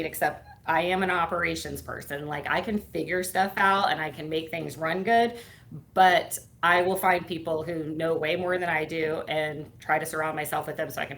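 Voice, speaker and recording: Low-voiced woman telling her story. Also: vocal fry, a bit bright. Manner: chatty, many fillers, acts out quoted dialogue. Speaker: guest, firm owner and CEO. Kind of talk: casual interview storytelling.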